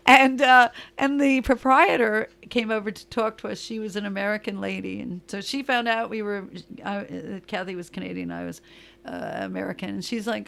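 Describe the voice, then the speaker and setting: Gravelly New York woman telling stories. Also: medium pitch, normal speed. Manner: animated, laughing, acts out quotes in voices. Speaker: guest. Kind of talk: casual storytelling chat.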